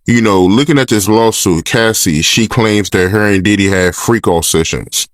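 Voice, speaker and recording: Male interviewer, casual and plain-spoken, low voice, dry sound. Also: normal speed, no room sound. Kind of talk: interview questions.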